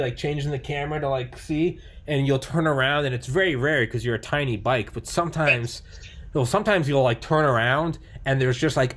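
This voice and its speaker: A man chatting casually about video games, rambling with lots of fillers, restarts and swearing. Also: mid-range voice. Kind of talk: casual chat.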